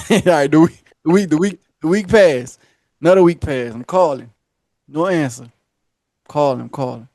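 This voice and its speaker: A man hosting a podcast, telling a long story in casual slang. He keeps slipping into high voices to act out the people in it. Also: moderate pace, darkish tone, dry recording, clean studio sound. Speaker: podcast host. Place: podcast studio.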